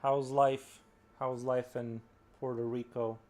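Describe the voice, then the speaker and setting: An American man with a standard accent chats casually and jokes while drawing on a live stream, rambling and reading the chat aloud. His medium-pitched voice barely moves in pitch, comes out slowly, and has a slightly mellow quality.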